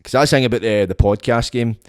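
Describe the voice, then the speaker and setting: A man's voice: mid-range voice, fast, darkish tone, smooth, no room sound, studio quality. A Scottish man hosting a podcast, rambling and swearing in a casual monologue into his phone. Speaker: podcast host.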